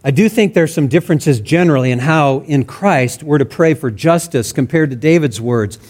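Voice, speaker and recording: A man's voice: a little high, lively intonation, normal speed, a little mellow. A man preaching a sermon in an earnest, conversational way, acting out sample prayers in his own words. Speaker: pastor.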